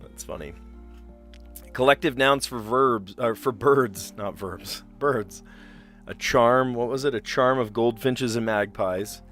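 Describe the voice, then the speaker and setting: A man's voice: medium pitch, takes it slowly, fairly bright tone, soft background music. A man from South Jersey hosting a livestream, chatting casually and thinking aloud as he works through word puzzles, often second-guessing himself.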